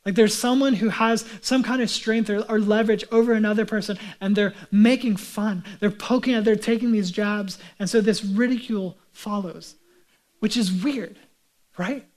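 A man's voice: high voice, steady tone, normal speed, a little mellow. A male pastor preaching a sermon in a conversational way, often putting rhetorical questions to his listeners.

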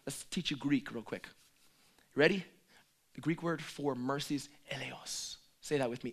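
A man preaching a sermon, swinging from hushed asides to loud, emphatic calls. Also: medium pitch, normal speed, creaky.

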